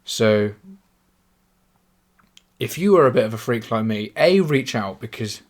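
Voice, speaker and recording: Unhurried but animated, a young English-accented man talks in a medium pitch. He's a podcaster delivering a rambling, self-deprecating casual monologue alone, with lots of swearing.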